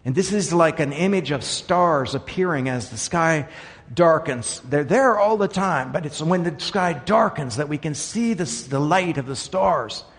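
A man's voice: a little high, animated, measured pace. Earnest preacher man in a reverberant hall. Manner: earnest, swings between quiet asides and emphatic raised lines. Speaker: pastor. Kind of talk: sermon.

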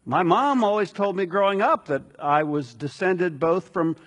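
A man delivering a conversational sermon as a pastor, relaxed and chatty with asides to the congregation. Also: high-pitched, moderate pace.

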